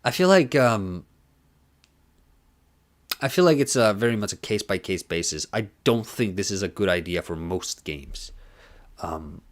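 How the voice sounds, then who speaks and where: A man's voice: on the low side, expressive, a little slow, long pauses. Rambling casual streamer man. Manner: rambling, filler-heavy, joking. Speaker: streamer reacting to a conference talk. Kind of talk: casual live-stream commentary.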